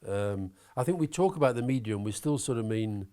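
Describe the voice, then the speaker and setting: A man talking as an interview guest, opinionated and animated, swearing now and then. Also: on the low side, fairly quick. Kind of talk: conversational interview.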